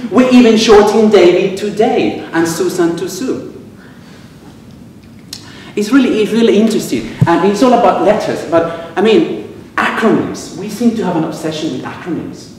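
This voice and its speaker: A man from Venezuela with a Venezuelan Spanish accent, giving a humorous speech at a club and pausing for laughs as he tells stories. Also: high voice, expressive, a little mellow, a little hiss or hum. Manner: storytelling with quoted exchanges, pausing for audience laughs. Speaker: club speaker. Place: club meeting room. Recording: echoey room, miked from a distance.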